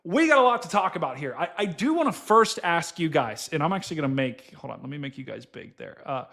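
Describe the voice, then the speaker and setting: A young man hosts a weather livestream with a noticeably high voice. He chats casually, gets excitable, and breaks into exclamations and laughs. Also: fast talker, creaky. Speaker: livestream weather show host.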